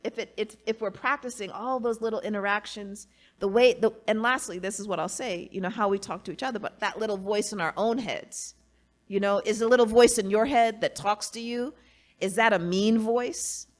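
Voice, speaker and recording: Earnest lady guest, mid voice, lots of "you know" and "right", thinking out loud. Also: mid-range voice, normal speed. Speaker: guest, academic and author. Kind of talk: casual conversation.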